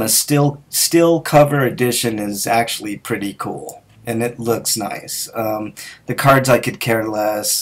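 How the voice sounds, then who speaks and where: A man hosting a gaming podcast in casual chat, hesitant, with many fillers and restarts. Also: lowish voice. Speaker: podcast host.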